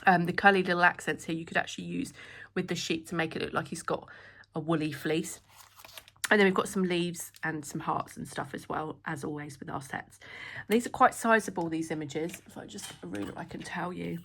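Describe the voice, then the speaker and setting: A woman with a slightly hoarse voice, walking through a craft product demo in a chatty, enthusiastic way. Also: lowish voice, steady tone, brisk, fairly bright tone. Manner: chatty, enthusiastic, many fillers. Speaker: stamp designer presenting new products.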